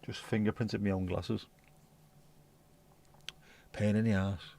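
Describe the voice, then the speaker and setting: A man's voice: lowish voice, level tone, slow, gravelly, pauses often, dark tone, no echo. A man hosting a livestream, chatting bluntly and rambling through viewer comments with the odd swear. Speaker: livestream host. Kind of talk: casual chat reading viewer comments.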